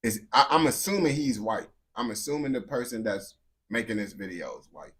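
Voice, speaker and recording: A man's voice: fairly low pitch, expressive, a little fast, a bit bright. Rambling young streamer guy. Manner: loose, rambling, talks to chat, says bro a lot. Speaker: streamer reacting to a video. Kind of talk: casual live reaction chat.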